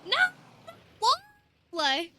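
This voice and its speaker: A woman's voice: extremely slow, pushed and bright, slight background noise. A young woman, chatting casually and rambling to her stream viewers.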